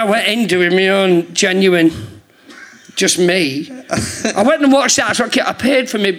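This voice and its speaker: A man's voice: sits high, animated, normal speed, crowd noise. A man telling rambling stories in casual chat on a theatre stage, laughing often. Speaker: guest comedian. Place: theatre stage before a live audience.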